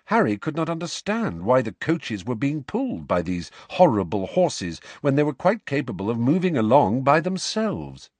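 A man reading a storybook aloud as narrator, measured and expressive. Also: medium pitch, no echo. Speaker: audiobook narrator.

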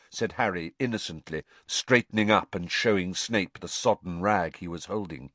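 A man narrating an audiobook in a measured, expressive storytelling manner. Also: low-pitched, no room sound. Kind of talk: scripted narration.

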